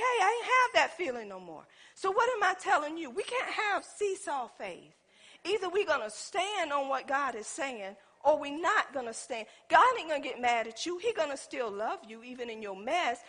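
A woman preaching a sermon, telling stories and calling out to the congregation. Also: high-pitched. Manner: animated storytelling, addresses congregation as y'all.

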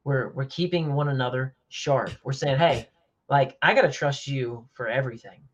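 Animated man telling stories, slightly dull sound. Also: medium pitch, moderate pace. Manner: animated storyteller, jokey. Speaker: podcast guest, family coach. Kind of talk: casual chat.

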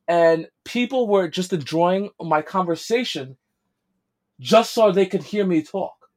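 A man's voice: sits high, lively intonation, unhurried, darkish tone. A man with a heavy New York accent, chatting casually and telling stories with defensive, laughing asides. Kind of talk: casual chat.

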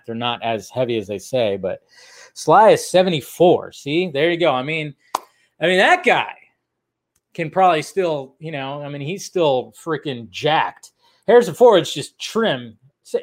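A man with a fairly high voice hosts a loose, chatty podcast. He rambles through entertainment news, swears freely and keeps circling back with "I tell you what.". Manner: rambling, swearing, filler-heavy, laughs often. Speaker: podcast host. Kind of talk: casual solo news chat.

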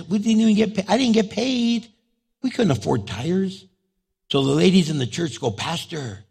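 A man's voice: gravelly, slightly rough. A middle-aged male pastor with a New Mexican Chicano accent, telling a story in a sermon and acting out the dialogue. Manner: animated, acts out dialogue with big pitch jumps.

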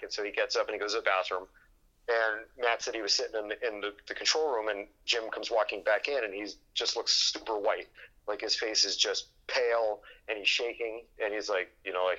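A man tells a story in relaxed conversation, and his voice sits a little low but sounds bright and forward. He loops through fillers and false starts and slips into the voices of the people he quotes. The recording is dull and lo-fi. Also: brisk. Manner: rambling, full of fillers and restarts, acts out quoted dialogue. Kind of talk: casual chat.

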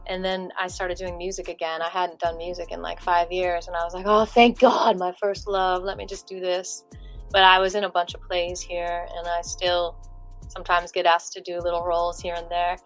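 Chatty woman musician with a lowish voice. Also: fairly quick, soft background music, poor audio. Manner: chatty and animated, with many fillers. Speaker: musician guest. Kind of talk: casual interview chat.

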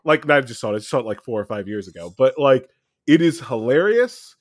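A man telling a story among friends in casual chat, animated, laughing often and swearing freely. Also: medium pitch, a little fast, no echo, studio quality.

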